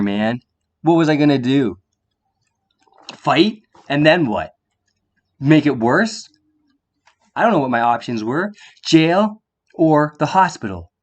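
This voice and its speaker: A man in a heated monologue to the viewer, confrontational, firing rhetorical questions and swearing, sometimes going quiet and calm. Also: fairly high pitch, a little slow, pauses often, dull audio. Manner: drops into a quiet calm voice at times. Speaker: vlogger.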